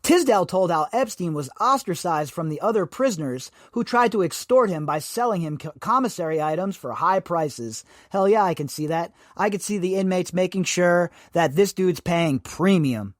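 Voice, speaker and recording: With a high, lively voice, a man runs through podcast commentary at a moderate pace, hardly pausing at all. His opinions come out emphatic and sarcastic, full of rhetorical questions, in a studio-quality recording with no room sound.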